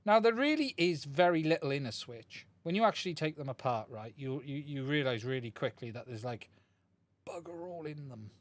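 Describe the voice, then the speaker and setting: A man's voice: on the high side, lively intonation, normal speed. A man chatting through a live-streamed repair at his workbench, thinking aloud as he works and talking to his viewers. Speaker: streamer repairing a radio controller. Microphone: desk mic, swaps mics during the stream.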